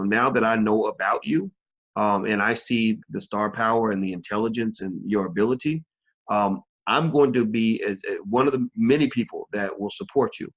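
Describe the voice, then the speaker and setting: A man hosts an online interview in a lowish voice. He talks haltingly, with many fillers and restarts, and the sound is dull and lo-fi. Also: a bit bright. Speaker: host.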